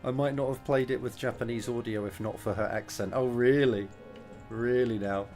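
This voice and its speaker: A man's voice: medium pitch, steady tone, normal speed, a little mellow, soft background music. A British man giving casual, opinionated commentary while streaming a game. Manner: chatty, opinionated, rambling asides.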